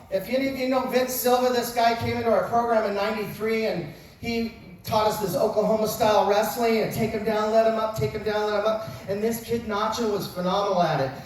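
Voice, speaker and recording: His high voice holds a steady tone and moves a little fast as this fifty-something wrestling coach cracks self-deprecating jokes through an after-dinner talk. The mic sat far away in a large, echo-filled banquet hall at a dinner event, picking up faint noise.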